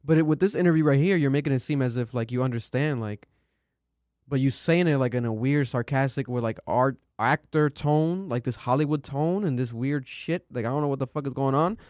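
A man's voice: medium pitch, brisk, darkish tone, no room sound, clean studio sound. A man casually reacting to an interview clip, rambling with many restarts and swearing. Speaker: reaction streamer.

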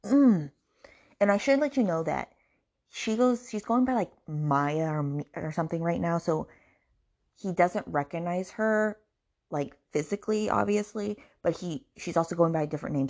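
Woman host, mellow lowish voice, sarcastic exasperated rant, casual swearing. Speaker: podcast host reviewing books. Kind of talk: ranting book review.

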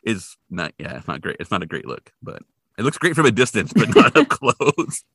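Lively low-voiced man, dry close sound. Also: normal speed, slightly rough, no room sound. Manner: animated, laughs often, trails off mid-sentence. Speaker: podcast co-host. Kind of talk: casual chat recapping a TV episode.

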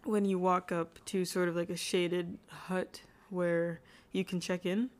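Female co-host, lower pitch, loose giggly storytelling with lots of filler. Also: flat delivery, unhurried. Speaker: podcast co-host. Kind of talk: casual chat.

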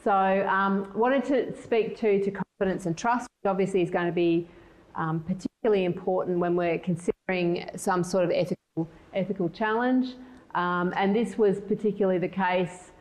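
A middle-aged woman giving a conference presentation in a measured, thoughtful way, often restarting her sentences. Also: mid-range voice, fairly even intonation, a little mellow, rough recording. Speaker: conference speaker.

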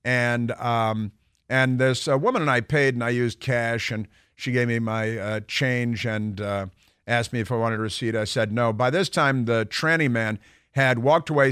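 A man's voice: mid-range voice, a bit bright, smooth, no echo, studio quality. A man hosting a radio talk show, telling a long story in a rambling, digressive way with lots of fillers and restarts.

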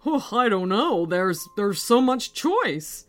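A woman's voice: medium pitch, huge pitch swings, takes it slowly, sharp tone, faint music behind, exaggerated voice. A woman voicing an easygoing, indecisive father with a hesitant, polite manner.

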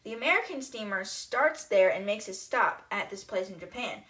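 A woman voicing a cautious male boat captain in a storybook retelling, lower and quicker, apologetic. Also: expressive, fairly bright tone, close to an everyday voice.

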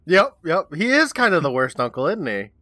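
A man's voice: a little high, sing-song, moderate pace, pushed and bright, no room sound. A laid-back man in casual podcast chat who keeps agreeing and laughing along. His voice sounds dry and close, with no room sound around it. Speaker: podcast co-host.

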